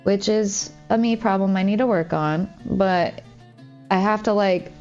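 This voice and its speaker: A woman's voice: mid-range voice, unhurried, a little mellow, dull audio, soft background music. A woman streaming from home, chatting casually and confidingly, with lots of "like" as she rambles. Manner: rambling, heavy use of "like", open and confiding. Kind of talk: casual chat while streaming a game.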